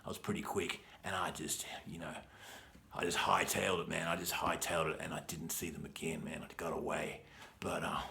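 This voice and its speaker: A man's voice: rumbling low, vocal fry, pushed and bright. An Australian man, an English teacher, telling a true story in a laid-back, rambling way, full of "man" and "you know". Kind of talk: casual storytelling.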